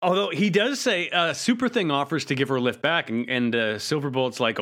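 A man co-hosting a casual podcast, his tone bright and a little forceful. He retells the story with jokes and acts out the characters' lines as he goes. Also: on the high side, brisk, few pauses. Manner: joking, animated retelling with quoted lines. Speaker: podcast co-host. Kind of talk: casual recap chat.

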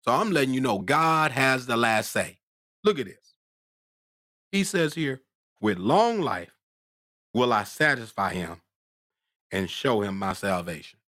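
A man preaching a sermon, drawing out scripture slowly and asking "hmm?" between points, climbing into fervent shouts. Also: sing-song, dry recording, clean studio sound. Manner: call-and-response "hmm?", rising to fervent shouts; drawls scripture slowly, then climbs in pitch when worked up.

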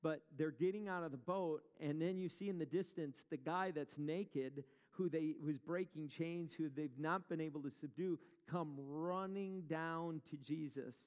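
A man's voice: on the high side, measured pace, hardly any pauses, a little mellow, smooth, big-room sound. A male pastor preaching a sermon in a conversational way, asking the congregation questions as he retells a story.

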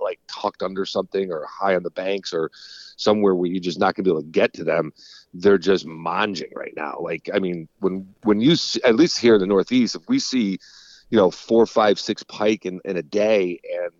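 Fishing guide, male, low voice, easygoing rambler; muffled dry phone sound. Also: no echo. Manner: rambling, relaxed, swears casually. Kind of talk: casual phone interview. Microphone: phone call.

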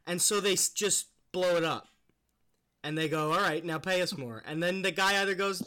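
A man's voice: high voice, normal speed, bright, forceful tone. A man co-hosting a podcast in casual banter, rambling, swearing freely and laughing often. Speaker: podcast co-host.

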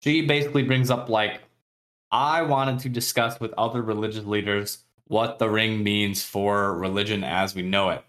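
Low-voiced guy chatting through a book recap, laughs a lot, does quick little voices for the characters. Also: fairly even intonation, fairly bright tone. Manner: chatty, laughs often, acts out characters' lines. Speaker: podcast co-host. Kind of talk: casual book recap chat.

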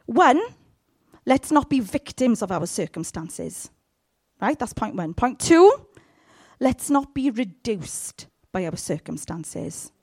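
A woman preaching a sermon and reading scripture, often checking in with her congregation. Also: fairly high pitch. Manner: animated, asks the congregation for responses. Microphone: handheld mic.

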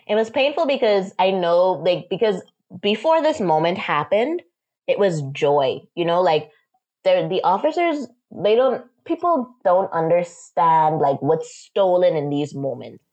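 A young woman from the Bahamas telling a personal story as an interview guest, animated and acting out quotes. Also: fairly low pitch, a little slow, dull audio. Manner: animated, acts out quotes, frequent "like".

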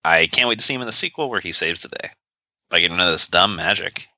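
He talks fast in a low, sharp-toned voice, with no echo on the track. As a podcast co-host in a recording session, he keeps things casual, sarcastic, and jokey, wandering along with plenty of fillers.

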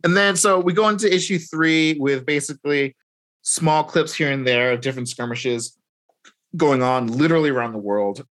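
Bright-voiced man recapping a comic plot. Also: fairly high pitch, moderate pace. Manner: rambling retelling with fillers and acted-out quotes. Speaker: podcast co-host recapping comics. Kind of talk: casual chat.

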